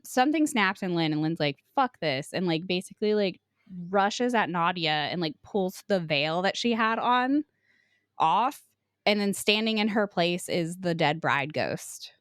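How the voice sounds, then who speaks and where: Woman podcast co-host, mid-pitched, chatty and loose, lots of "like" and swearing, dry close mic. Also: lively intonation, a little slow, clear, resonant tone, no echo. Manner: retells plots loosely with frequent "like" and swearing. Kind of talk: casual book discussion.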